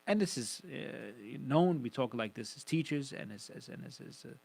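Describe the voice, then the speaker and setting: A man's voice: medium pitch, lively intonation, moderate pace, gravelly, a little mellow, poor audio. A man teaching Quran commentary on the radio, explaining emphatically and quoting Arabic recitation. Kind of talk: radio religious lesson.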